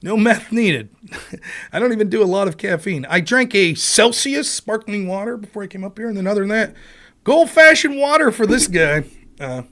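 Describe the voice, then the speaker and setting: A man hosting a livestream, talking casually and profanely, sometimes bursting into sped-up rapid-fire talk. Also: high-pitched, fairly bright tone. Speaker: livestream host.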